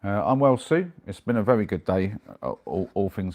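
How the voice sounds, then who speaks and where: A man's voice: lowish voice, animated, moderate pace, darkish tone. A man chatting casually on a live stream and answering viewer messages as they come in. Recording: noisy with clicks.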